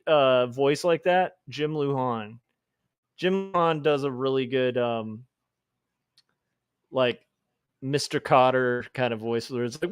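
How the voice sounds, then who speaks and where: A man's voice: medium pitch, slow, long pauses, smooth, no room sound, studio quality. A man livestreaming while he draws comics, chatting casually and reading out chat messages, with rambling asides and chuckles.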